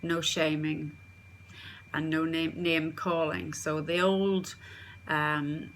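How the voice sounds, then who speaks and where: A woman's voice: deep voice, level tone, takes it slowly, fairly bright tone, slight background noise. A woman coaching parents in an instructional talk, earnest and repeating key phrases for emphasis.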